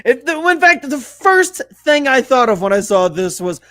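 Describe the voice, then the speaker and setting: A man with a notably high voice chats about sports on a podcast, eager and swearing freely. He laughs often between points. The sound is dry and close, with no room echo. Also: big pitch swings, moderate pace, a bit bright. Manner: enthusiastic, profane, laughs often. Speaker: podcast co-host. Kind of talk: casual sports chat.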